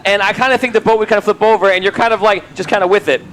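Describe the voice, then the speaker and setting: High-voiced man running a tabletop game. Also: fairly even intonation, racing, a bit bright, low-quality recording. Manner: laughs often while narrating. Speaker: game master.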